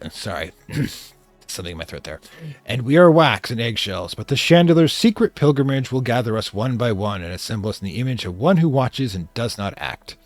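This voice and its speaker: A man's voice: mid-range voice, sing-song, a little fast, no echo, faint music behind. A man hosting a video game let's play, casually commenting and hamming up a would-be villain. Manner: playful, slips into mock-villain theatrics.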